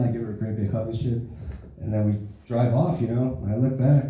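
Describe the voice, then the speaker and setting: A man doing a stand-up comedy set at an open mic, telling rambling profane stories with a steady stream of tag questions. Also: medium pitch, fairly quick, slight background noise. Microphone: handheld stage mic. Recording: roomy club sound from far off.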